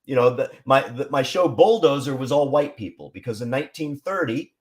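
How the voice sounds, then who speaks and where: A man from Seattle appears as a podcast guest and speaks in a measured, explanatory way. He often restarts his phrases as he works out his thoughts. His voice sits in an ordinary middle pitch. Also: animated. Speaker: guest, songwriter and writer. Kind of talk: casual interview chat.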